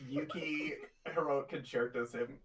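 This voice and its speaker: A man's voice: a little high, fairly even intonation, measured pace, poor audio. A man playing a tabletop game casually, thinking aloud as he counts his dice rolls. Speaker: player.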